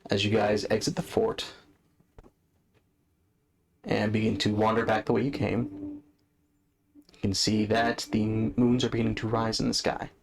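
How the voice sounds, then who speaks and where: A man's voice: fairly low pitch, flat delivery, measured pace, long pauses, slight background noise. A man narrating a tabletop game as game master, casual and swearing freely.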